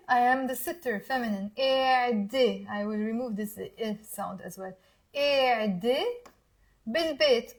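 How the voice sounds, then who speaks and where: A young woman with a Lebanese accent and a voice on the high side teaches Arabic in a live online lesson. She repeats words slowly and quizzes her listeners.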